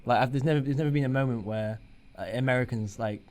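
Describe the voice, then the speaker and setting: A man hosting a podcast in casual chat, talking in quick bursts full of "like" and restarts. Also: mid-range voice, darkish tone. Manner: fast, chatty, filler-heavy. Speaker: podcast host.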